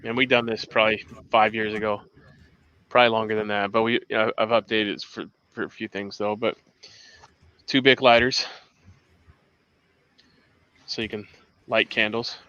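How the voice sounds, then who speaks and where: Bright, crisp man on lo-fi audio. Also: on the low side, flat delivery, moderate pace, long pauses, dry recording. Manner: rambling, restarts often, shows gear. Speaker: host. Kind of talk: casual livestream chat.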